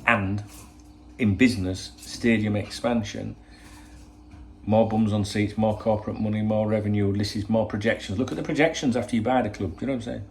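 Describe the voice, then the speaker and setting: A man's voice: fairly low pitch, steady tone, a little fast, a little hiss or hum. A man hosting a football channel, talking in a rambling, swear-laden opinion monologue full of rhetorical questions.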